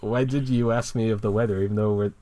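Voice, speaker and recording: A man's voice: fairly low pitch, steady tone, quick pace, a crowd in the background, natural voice. A man reading as a puzzled young cat woman. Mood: baffled.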